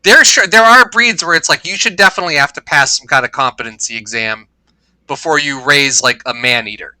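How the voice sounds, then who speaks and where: Guest comedian, very bright high voice, dry close sound, blunt deadpan talk. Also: male voice, brisk, no echo, rough recording. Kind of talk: casual comedy podcast chat.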